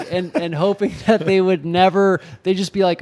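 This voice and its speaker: A man in his forties tells stories as an interview guest, his voice sitting a little high. He talks animatedly and slips into other people's voices for the quotes. The tone stays conversational and relaxed. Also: normal speed, hardly any pauses, clear, resonant tone. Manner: animated anecdotes with acted-out quotes. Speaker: actor and author guest. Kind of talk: casual interview storytelling. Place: home in Los Angeles.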